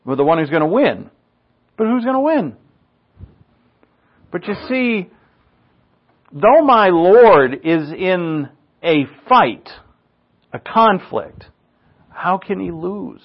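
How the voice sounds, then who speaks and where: A man preaching a sermon in an earnest manner, his pitch rising on rhetorical questions. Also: sing-song, slow pace, pauses often, muffled recording.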